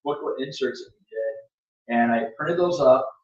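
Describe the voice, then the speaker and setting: A man's voice: medium pitch, unhurried, far from the mic. A man hosting a podcast, telling his story in a blunt, emphatic way with lots of restarts. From Florida. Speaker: podcast host. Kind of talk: casual storytelling chat. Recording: echoey room, off-mic, dull sound.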